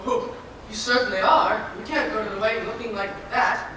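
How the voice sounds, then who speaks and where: A woman's voice: a little high, fairly even intonation, normal speed, background noise, close to an everyday voice. A young woman playing a drowsy, worldly chaperone in a school stage musical, dry and languid. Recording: echoey hall from far off.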